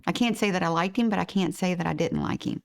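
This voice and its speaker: Female interviewee, lowish pitch, creaky, restrained delivery. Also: quick pace, over loud music. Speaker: interviewee, victim's mother. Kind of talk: interview testimony.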